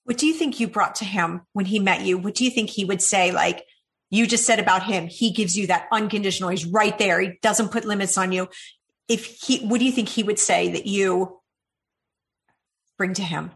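A woman interviewer asks gentle, probing questions in a relaxed conversation. Her voice sits at a middle pitch. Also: moderate pace.

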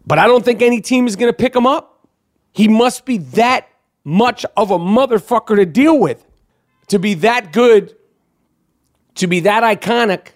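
A man hosting a sports podcast, talking in a profane, animated, rambling way. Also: high voice. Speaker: podcast host. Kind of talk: casual sports podcast rant.

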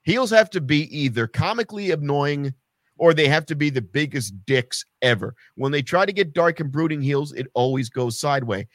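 A man casually chatting about wrestling as a podcast co-host, animated and sarcastic, swearing freely. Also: on the high side, moderate pace, no room sound, clean studio sound.

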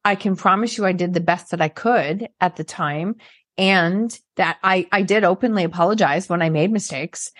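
A woman's voice: fairly low pitch, normal speed, no echo, studio quality. A woman hosting a podcast, reflecting on and affirming her guest's story in a conversational way. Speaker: podcast host. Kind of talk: conversational interview.

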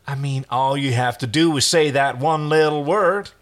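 A man's voice: medium pitch, moderate pace, voice pushed up, natural voice. A man voicing a brash, mocking male space captain who taunts in a sing-song way. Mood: taunting.

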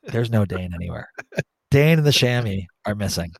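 A man's voice: on the low side, moderate pace, vocal fry, dry recording. Joking man spinning a story. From Bermuda. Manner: animated, joking, swears for laughs. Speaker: podcast co-host. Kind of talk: casual storytelling chat.

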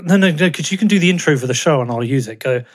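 A man's voice: fairly high pitch, lively intonation, fast talker. A man with an English accent hosting a podcast, chatty and teasing in casual conversation. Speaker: podcast host.

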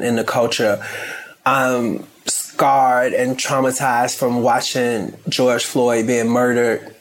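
A man from Chicago with a Chicago accent, a stylist talking candidly as an interview guest, emphatic and rambling with many restarts. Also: medium pitch.

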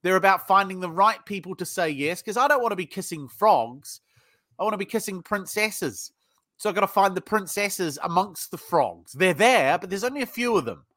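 A man's voice: high voice, animated, moderate pace, fairly bright tone, dry recording, studio quality. A man with a British accent, a sales trainer telling stories bluntly in a casual interview, swearing freely. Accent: British English.

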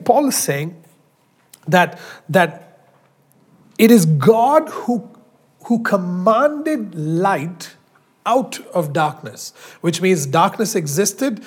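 A man preaching a sermon as pastor, emphatic, slowing down and stretching out key phrases. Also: high-pitched. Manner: emphatic, drawn-out preaching with slow stressed phrases.

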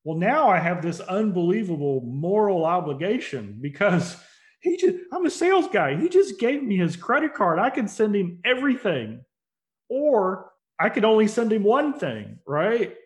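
Sing-song and high-pitched at a moderate pace, this man is the guest on a casual interview. He's a company CEO and motivational speaker who relates stories earnestly, working up to emphatic points.

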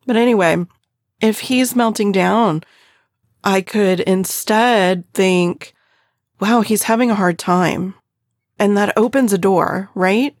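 A middle-aged woman speaks in an earnest, gentle way about raising children and keeps turning to the listener. Her voice has a gravelly edge, and the recording is close and dry, with no room sound. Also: medium pitch, no echo. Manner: gentle, earnest, addresses listener directly with frequent "right?". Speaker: parenting podcast host. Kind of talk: reflective parenting talk.

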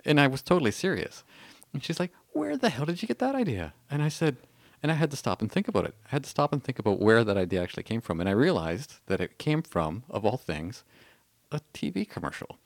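A man's voice: mid-range voice, big pitch swings, fast, dry recording. A Canadian man in his thirties, a podcast guest telling a story in a hesitant, self-mocking way. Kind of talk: casual storytelling.

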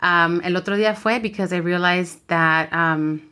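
A woman's voice: lowish voice, moderate pace, pushed and bright, clear, resonant tone. A woman, co-hosting a podcast, talking candidly and animatedly while switching between English and Spanish. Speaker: podcast co-host. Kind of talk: casual chat.

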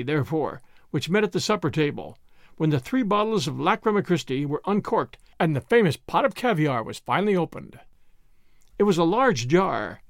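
A man reading a story aloud in a measured, dramatic way. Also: high-pitched, no echo, clean studio sound. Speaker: narrator. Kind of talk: audiobook narration.

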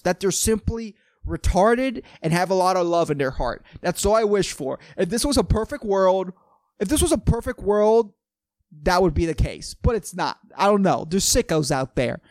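A man's voice: sits high, big pitch swings, moderate pace, a little mellow, dry recording. A young man hosting a casual solo podcast, rambling, swearing and laughing at his own jokes. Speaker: podcast host.

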